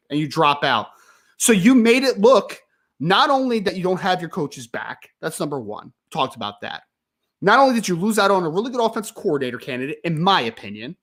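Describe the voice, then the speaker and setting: Fired-up sports host, lively pitch. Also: male voice, fairly quick. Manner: frustrated, emphatic, ranting then calming. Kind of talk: live-stream sports talk.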